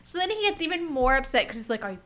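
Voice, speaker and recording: A woman co-hosting a casual podcast chat, recapping an episode as an animated storyteller who swears freely. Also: sits high, quick pace. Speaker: podcast co-host.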